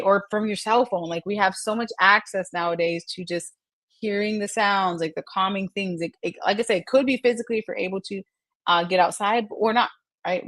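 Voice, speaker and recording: A woman's voice: lowish voice, dry recording. Chatty woman hosting a live stream. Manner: chatty and encouraging, laughs often, calls the audience "y'all". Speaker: host of a live mental health segment. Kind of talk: live-stream chat answering viewer comments.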